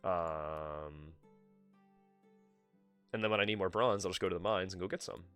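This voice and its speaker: A man's voice: lowish voice, steady tone, very fast, pushed and bright, soft background music. A man live-streaming a game, chatting casually with himself and swearing freely as he plays. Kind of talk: casual gameplay commentary.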